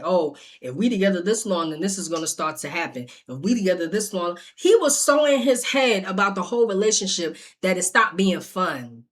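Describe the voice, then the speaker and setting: A woman's voice: a little high, fairly bright tone. A woman telling a personal story in casual speech, acting out the quoted lines and swearing freely. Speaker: storytime vlogger.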